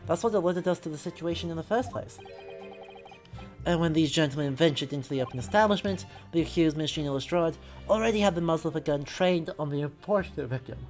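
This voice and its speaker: A woman voicing a composed, aloof male prosecutor with crisp, formal delivery. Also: deep voice, fast talker, a little mellow, soft background music, voice pushed down, lightly acted. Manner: crisp, formal courtroom narration.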